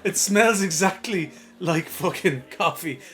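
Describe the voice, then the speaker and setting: A man's voice: sits high, expressive, a little slow, a bit bright. A young Irish man co-hosting a podcast, telling rambling, sweary anecdotes and laughing through them. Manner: rambling storyteller, laughs through his stories. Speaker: podcast co-host. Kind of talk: casual chat, swearing anecdotes.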